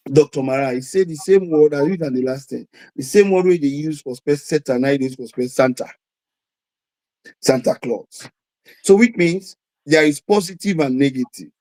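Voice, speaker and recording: A man's voice: on the high side, dark tone, low-quality recording. A man with a Sierra Leonean accent making emphatic points in a political discussion, repeating himself and mixing in Krio phrases. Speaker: guest.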